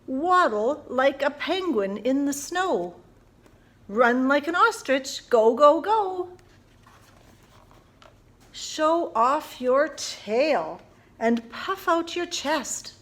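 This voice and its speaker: Woman children's librarian, high and slow, playful storytime reader who leads kids in actions. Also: expressive, fairly bright tone. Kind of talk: family storytime reading for young children.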